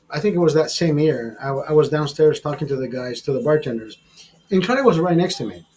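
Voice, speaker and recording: A man's voice: fairly high pitch, a little mellow, low-quality recording. A man hosting a livestream chat, telling crude, rambling stories full of swearing and calling viewers brother. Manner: addresses viewers as brother and bro. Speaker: livestream host. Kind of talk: casual chat.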